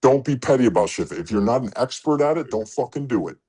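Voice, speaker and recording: A man coaches truckers in a blunt, profane motivational talk, swearing a lot and acting out quoted exchanges as he goes. His medium-pitched voice is fast and lively in intonation, a little mellow, with a breathy edge.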